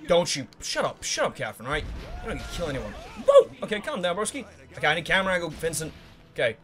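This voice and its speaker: A man narrates his own let's play in an excitable, rapid-fire voice pitched on the high side. He swears freely, hums to himself while thinking, and yells at the characters in the game.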